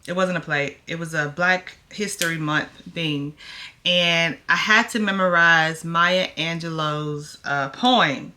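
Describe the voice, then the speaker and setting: A woman's voice: low-pitched, takes it slowly, bright, forceful tone. A woman in her thirties chatting casually to camera while getting ready, nervous and acting out both sides of a dialogue. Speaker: vlogger. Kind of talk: casual get-ready-with-me chat.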